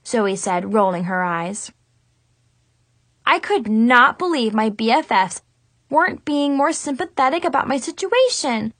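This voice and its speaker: A woman reading a first-person children's story with a dramatic, expressive teen-girl manner. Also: on the high side, measured pace, no room sound. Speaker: audiobook narrator.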